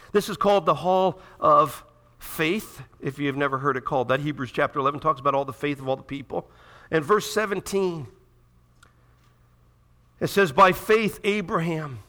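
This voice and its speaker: Man, pastor, sermon, high voice, impassioned, loud to hushed swings. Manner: reads scripture aloud, addresses the congregation directly.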